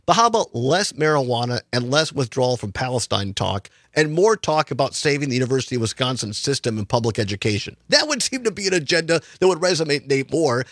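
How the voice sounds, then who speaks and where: A man's voice: mid-range voice, sing-song, fast talker, hardly any pauses, fairly bright tone, dry recording, clean studio sound. A man hosting a talk radio show, chatting in an opinionated, rambling way with frequent restarts. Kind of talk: casual political talk radio chat.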